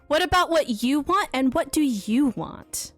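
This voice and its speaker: A woman's voice: sits high, expressive, measured pace, faint music behind. A woman streaming a game who chats casually, reads the story text aloud, and is out of breath. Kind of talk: casual live gameplay commentary and reading.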